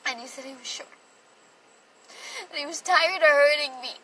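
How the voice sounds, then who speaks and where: Recounting a personal story on a phone livestream, a young woman speaks at a normal speed in a high voice that sounds pushed and bright. Her delivery is rambling and emotional, heavy on "like." She's far from the mic, with faint noise in the background.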